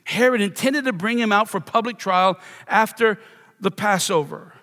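A man's voice: high voice, normal speed, bright, forceful tone. A middle-aged man from Louisiana, a pastor preaching a sermon with a self-deprecating, playful personal story. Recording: long reverb of a church hall.

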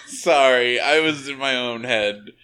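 Goofy podcast guy, slow easy talk, bright and lively. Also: mid-range voice, slight background noise. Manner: goofy, riffs on silly ideas. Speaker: podcast co-host. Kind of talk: casual group banter.

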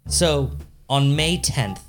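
A man's voice: fairly high pitch, animated, takes it slowly, faint music behind. A man hosting a podcast, telling stories in a casual, jokey way with some swearing, close to a studio microphone. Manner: wry, swearing, jokey storyteller. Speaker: podcast host. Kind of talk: casual storytelling chat.

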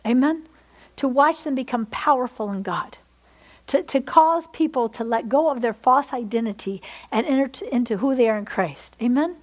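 Woman pastor, high-pitched, fervent sermon delivery, calls for amens. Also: lively intonation, normal speed. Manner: fervent, repeatedly asks the congregation "Amen?".

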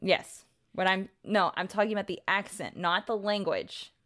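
A woman's voice: mid-range voice, normal speed, a bit bright. A woman co-hosting a casual podcast discussion who argues her point firmly, with frequent restarts. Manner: firm, argumentative, many restarts. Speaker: podcast co-host.

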